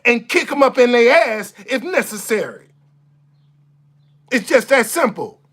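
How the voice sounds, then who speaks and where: A man's voice: extremely high pitch, very animated, measured pace, a bit bright, slightly rough. Blunt, profane man ranting to camera. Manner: blunt, profane, repeats himself for emphasis; stammers and restarts when fired up. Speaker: vlogger. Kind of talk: impassioned monologue to camera.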